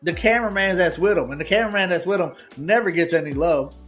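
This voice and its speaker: A man's voice: sits high, quick pace, fairly bright tone, faint music behind. A man co-hosting a podcast in easygoing casual chat, full of fillers. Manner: easygoing, lots of fillers and short agreements. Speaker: podcast co-host.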